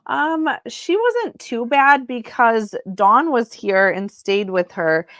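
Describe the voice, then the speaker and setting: A woman hosting a casual live sale of crystals from home, chatty and unhurried, with frequent ums. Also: fairly high pitch, expressive, fairly bright tone, no echo, clean studio sound.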